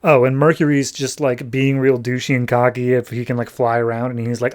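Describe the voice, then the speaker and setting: A man's voice: mid-range voice, little pitch movement, a little fast, few pauses. A man hosting a podcast, casually recapping a comic with jokes and acted-out voices. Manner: chatty, jokey, acts out the characters. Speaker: podcast host.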